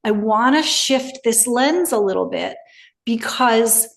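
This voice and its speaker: A woman's voice: a little high, lively intonation, slow, gravelly. A woman hosting a podcast interview, thoughtful and explanatory as she reframes ideas. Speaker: podcast host. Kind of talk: conversational interview.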